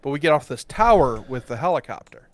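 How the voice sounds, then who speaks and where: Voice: mid-range voice, very animated, fast talker, a little hiss or hum. A player in a tabletop game, casually talking through plans for the group. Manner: planning out loud, practical.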